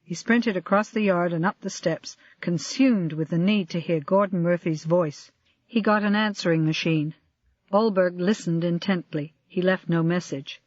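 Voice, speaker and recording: An audiobook narrator reading a crime novel in an even, measured way. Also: mid-range voice, no echo. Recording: dry, slightly dull lo-fi audio.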